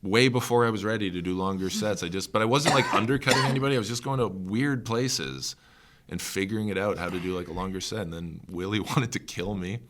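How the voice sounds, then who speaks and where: A man's voice: on the low side, fast, very noisy. A young man from Canada, a guest comedian telling road stories in casual podcast talk, rambling with lots of fillers and acting out hecklers. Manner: rambling, filler-heavy, acts out hecklers' shouts.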